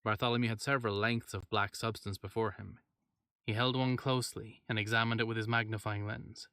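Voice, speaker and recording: A man reading a horror story aloud in steady narration, with wry asides. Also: lowish voice, fairly quick, clear, resonant tone, no echo.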